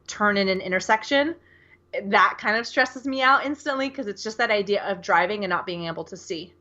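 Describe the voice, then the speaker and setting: A woman's voice: mid-range voice, a little fast, sharp tone, muffled recording. An American woman co-hosting a podcast, chatting casually and rambling with lots of fillers. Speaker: podcast co-host. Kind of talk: casual chat.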